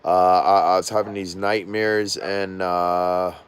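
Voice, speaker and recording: A man's voice: sits low, flat delivery, takes it slowly, smooth. A man casually vlogging from his home, rambling and losing his train of thought, with a slangy way of talking and a voice he says is off. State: says his voice is not normal. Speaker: drone vlogger. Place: at home indoors.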